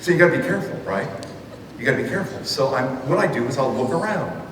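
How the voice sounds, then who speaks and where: This man has a mid-range voice and talks at a quick pace over background noise, heard from afar in an echoey hall. He's a school assembly speaker and storyteller, animatedly performing comic tales for an audience and playing each character himself.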